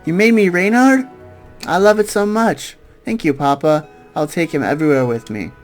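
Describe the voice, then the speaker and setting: A man's voice: fairly high pitch, normal speed, soft background music, pitched above the performer's own voice, natural voice. A man voicing a young girl in a game playthrough, eager and affectionate. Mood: delighted. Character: young girl, loving, wide-eyed.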